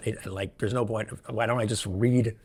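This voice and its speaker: Husky, excitable male podcast host. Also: fairly low pitch, normal speed. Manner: excitable, rambling, jokey. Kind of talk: solo podcast monologue. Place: room where he records alone. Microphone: podcast microphone, also filmed.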